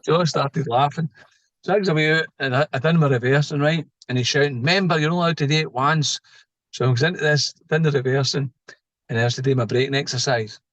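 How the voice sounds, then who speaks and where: Speaking quickly in a medium-pitched voice, a middle-aged lorry driver with a Scottish accent chats casually, animatedly acting out the characters in his story. The recording is muffled, with no room sound.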